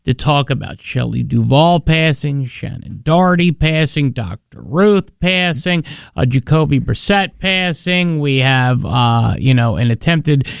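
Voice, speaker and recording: Insistent, clear-voiced male radio host. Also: fairly high pitch, unhurried, dry recording, studio quality. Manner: animated, insistent storyteller. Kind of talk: morning radio banter. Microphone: studio microphone.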